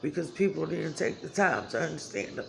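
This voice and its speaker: A woman's voice: sits low, lively intonation, a little fast, vocal fry. A woman talking candidly to her viewers in a blunt, emotional way, swearing freely. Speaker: vlogger. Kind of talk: candid talk to camera.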